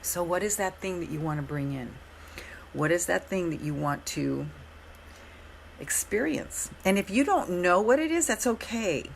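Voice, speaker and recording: A middle-aged woman hosting a live coaching stream, speaking in a gentle, encouraging way with a hoarse voice and often repeating her phrases. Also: fairly low pitch, animated, normal speed, slight background noise.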